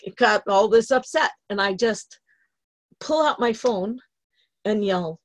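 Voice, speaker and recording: A woman's voice: medium pitch, animated, slow pace, no room sound. Middle-aged woman, personal motivational talk, emotional retelling, laughing, dry recording. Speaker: motivational speaker. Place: lives in a travel trailer in Idaho.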